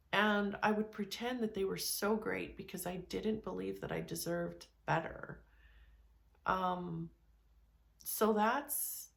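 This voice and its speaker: Frank, gravelly-voiced woman speaker. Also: mid-range voice. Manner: frank, conversational, restarts and repeats words. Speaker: self-help speaker. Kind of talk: candid motivational talk.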